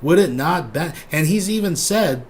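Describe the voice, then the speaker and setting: A man's voice: fairly high pitch, lively intonation, moderate pace, a little hiss or hum. A man hosting casual commentary, wry and rambling, trailing off with fillers. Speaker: host.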